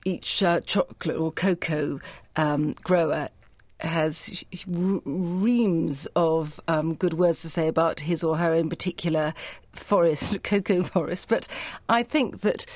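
Woman guest, low-pitched, measured and eloquent, dry sound. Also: a little mellow, no echo. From Britain. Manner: articulate, measured, elaborating with asides. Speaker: food writer guest. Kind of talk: interview conversation.

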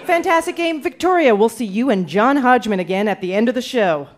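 A woman from Canada hosting a live quiz show with bright, laughing banter. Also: a little high, expressive, a little fast, over a noisy crowd, heavy background noise.

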